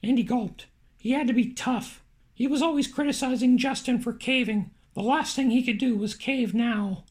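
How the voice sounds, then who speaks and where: Brief: high-pitched woman, audiobook narrator, dry and wry delivery. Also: moderate pace, a little mellow.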